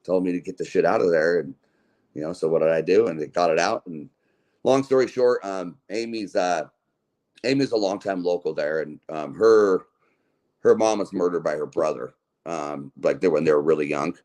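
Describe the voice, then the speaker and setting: A man's voice: sits low, normal speed, a little mellow. A man from Utah, a podcast guest, telling long casual stories in a laid-back, slangy way, full of "like" and swearing. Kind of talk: casual storytelling.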